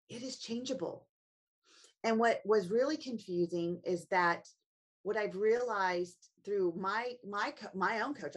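A woman's voice: mid-range voice, husky. A middle-aged woman, a family coach and author, speaking earnestly as an interview guest and asking herself reflective questions. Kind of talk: interview guest, personal storytelling.

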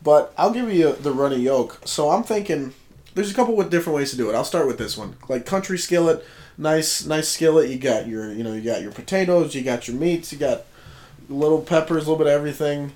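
A man's voice: a little high, animated, brisk, a little mellow. A man co-hosting a casual podcast, talking in a laid-back, joking way. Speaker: podcast co-host. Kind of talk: casual chat.

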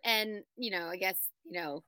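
A woman's voice: medium pitch, normal speed, pushed and bright, dry recording. A young adult woman voice actor chatting casually on a panel in a bubbly, laughing way. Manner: bubbly, laughing, self-described nerd. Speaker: voice actor guest.

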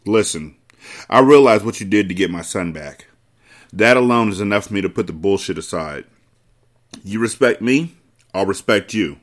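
A guarded, menacing crime boss, read by a man in a lowish voice, clipped and cold in his street talk. He is heard in an audiobook-style novel reading. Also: expressive, moderate pace, long pauses, close to an everyday voice. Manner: terse, threatening street talk.

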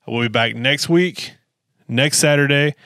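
Podcast guy with a smooth clear voice, dry close mic, doing the outro. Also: mid-range voice, a little slow, a bit bright, no room sound. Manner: brief reactions, plugs the network. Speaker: podcast host. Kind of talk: casual chat and show outro.

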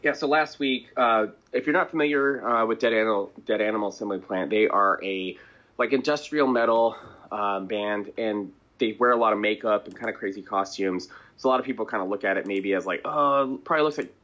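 A band member speaks as a guest in a casual interview, his fairly low voice brisk and slightly bright. He rambles and chats at length, chuckling between thoughts and clearing his throat. The audio is dull and lo-fi.

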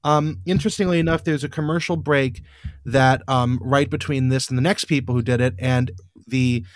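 A man's voice: mid-range voice, steady tone, normal speed, no room sound, clean studio sound. A man hosting a casual podcast, recapping an episode in a rambling, wry way with lots of fillers and restarts. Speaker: podcast host.

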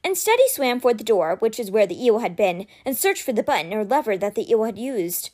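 Brief: woman narrating a children's novel, high voice, lively expressive delivery. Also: fairly quick. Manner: expressive, dramatic storytelling. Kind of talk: reading a book aloud.

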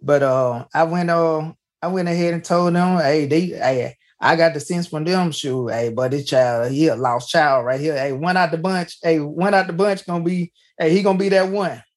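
A man's voice: on the high side, moderate pace, hardly any pauses. A man hosting a podcast, telling a personal story in a folksy way, often starting with "hey" and restarting his sentences. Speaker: podcast host. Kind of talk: casual storytelling.

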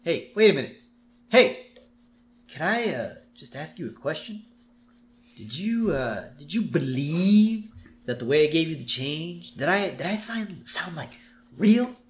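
A man's voice: on the high side, big pitch swings, unhurried, slight background noise. A man doing an intense, pushy store clerk. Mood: nervous. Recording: roomy echo.

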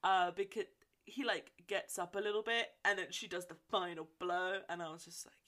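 A woman's voice: lowish voice, fairly even intonation, moderate pace, fairly bright tone. A woman co-hosting a podcast, casually recapping a film, swearing freely and laughing as she retells it. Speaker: podcast co-host.

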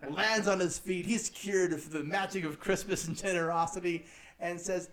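A man's voice: high-pitched, steady tone, normal speed, a bit bright. A man narrating a comedic tabletop game as game master, joking, laughing and swearing as he goes. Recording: roomy echo, faint music.

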